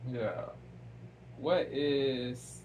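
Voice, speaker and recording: A man in a casual reaction video who talks at a very slow, drawn-out pace. His voice sits at a middling pitch, and he keeps repeating his questions, mixing slang with fancy vocabulary. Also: darkish tone, slight background noise, low-quality recording. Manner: slow, repetitive, keeps asking why, drops fancy words.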